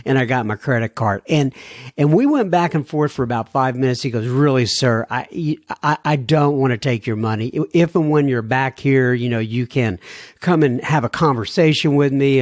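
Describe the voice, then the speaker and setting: A man hosting a podcast, telling a story from his week and reading listener mail in a casual, animated way, chuckling as he goes. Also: mid-range voice, dry recording, studio quality. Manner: animated, chuckling, mock-pleading. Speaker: podcast host.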